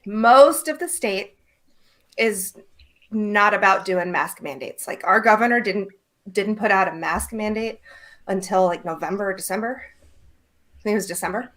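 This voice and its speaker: Woman, podcast co-host, casual banter, medium pitch, laughs and swears. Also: normal speed, pauses often, a bit bright. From Iowa, USA. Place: small Iowa town home.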